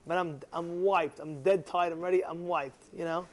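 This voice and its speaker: A young man telling a personal story casually, rambling with restarts and acting out quotes loudly. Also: on the high side, a little slow, few pauses.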